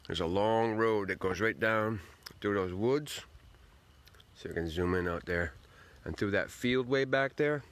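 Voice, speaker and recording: Hosting a casual livestream, a man with a somewhat low, slightly bright voice talks while eating. He greets viewers by name and rambles in an upbeat way.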